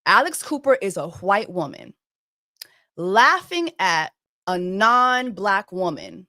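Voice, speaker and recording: A woman's voice: medium pitch, very animated, takes it slowly, bright, forceful tone, no room sound. Woman, host, reaction commentary, emphatic, repetitive, dry sound. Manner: emphatic, repeats phrases for effect.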